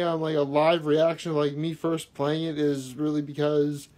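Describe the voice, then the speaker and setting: A man with a noticeably high voice rambles through his daily vlog, circling back with fillers and restarts. He sounds earnest and a little self-deprecating, talking straight to his viewers. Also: little pitch movement, moderate pace, a little mellow. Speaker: daily vlogger. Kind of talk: casual daily video talk.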